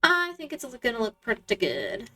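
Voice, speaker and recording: A woman's voice: on the high side, huge pitch swings, normal speed, sharp tone. A woman streamer giving casual gameplay commentary, musing aloud to herself in a hesitant way. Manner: muses aloud, hesitant and self-talking.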